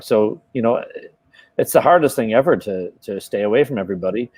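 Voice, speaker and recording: A man with an Irish accent, chatting as a guest on a live video call with quick teasing banter and casual swearing. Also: on the low side, lively intonation, darkish tone, husky, no echo. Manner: rapid banter, swears and teases.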